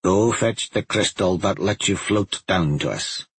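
A man voicing a stern older woman, a witch mentor in a storybook, who speaks in a commanding, measured way. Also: low-pitched, slight background noise. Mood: calm instructive.

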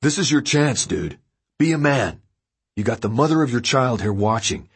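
A man reading an audiobook voices a menacing, drugged-up young man who goads and bullies loudly. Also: medium pitch, lively intonation, normal speed, slightly rough, pitched above the performer's own voice. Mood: bullying. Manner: loud, bullying goading.

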